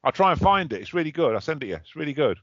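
A man's voice: a little high, sing-song, racing, fairly bright tone, breathy edge, dry recording. A man, co-hosting a casual podcast chat, chatty and often breaking off to look things up. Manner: chatty, looks things up while talking, self-interrupting. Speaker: podcast co-host. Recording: dull lo-fi dry recording.

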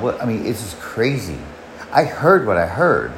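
A man's voice: fairly low pitch, sing-song, moderate pace, echoey room, slight background noise, poor audio. A man casually telling a personal story in a rambling way, restarting often and swearing. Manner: rambling, frequent restarts and profanity.

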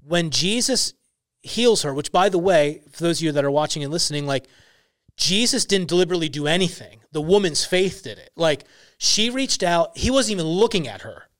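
A man's voice: fairly high pitch, animated, fairly quick, a bit bright, no room sound. Earnest young man, dry close sound. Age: young adult. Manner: earnest, emphatic storytelling with many "like" fillers. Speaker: podcast guest, ministry founder. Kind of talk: casual faith podcast talk.

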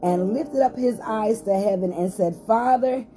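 A woman's voice: mid-range voice, a little slow, mellow. A woman pastor hosting a short podcast Bible study, reading scripture aloud with rising emphasis and some hesitant fillers.

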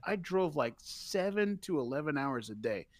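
A man telling a story on a podcast in casual, profane chat, animated and laughing as he talks. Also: fairly high pitch, moderate pace, no echo. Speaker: podcast co-host.

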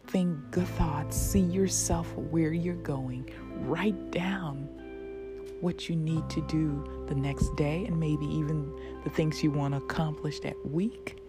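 A woman with a low voice speaks slowly in a soothing, encouraging way and often sinks to a soft whisper. She gives an inspirational devotional talk with guitar music playing clearly behind her. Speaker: motivational Christian speaker.

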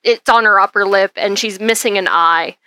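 A woman narrating a tabletop game as game master, in a relaxed, hesitant way. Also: medium pitch, moderate pace, no room sound, poor audio.

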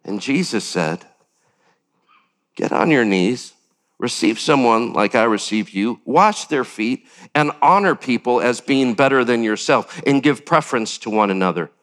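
An older man preaching a sermon as pastor, animated, with sudden jumps up in pitch and acted-out quotes. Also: measured pace.

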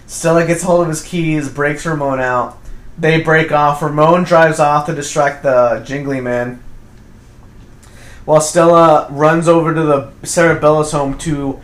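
A man's voice: fairly high pitch, fairly even intonation. Man rambling through a plot recap. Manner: rambling retelling, quick bursts, acts out quotes. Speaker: podcast co-host. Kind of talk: casual movie review chat. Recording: roomy echo.

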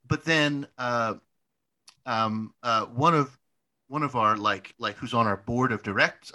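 A man's voice: medium pitch, pushed and bright. A young man in a casual podcast chat, telling a long story with lots of restarts, "like" fillers and casual swearing. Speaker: podcast co-host.

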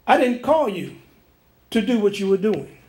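High-voiced animated preacher man. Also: normal speed, echoey room. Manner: animated storytelling, acting out voices and sounds. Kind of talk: sermon testimony.

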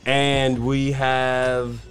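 A man's voice: medium pitch, level tone, extremely slow, a bit bright. Male co-host, casual and loose, running the chat from the board. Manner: loose, joking, steering the talk. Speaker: podcast co-host. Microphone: headphones and board mic.

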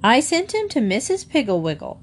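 A woman's voice: high-pitched, wildly swooping pitch, brisk, slight background noise, pitched above the performer's own voice. A woman reading aloud, voicing a cheerful neighbor, a mother of eight, who chats breezily. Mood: chatty. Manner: chatty, breezy storytelling.

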